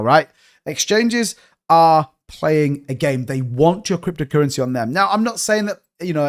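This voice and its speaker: Excitable young man streaming market talk. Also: fairly high pitch. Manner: excitable, rambling, talks straight to viewers. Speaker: crypto channel host. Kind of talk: live-stream market commentary.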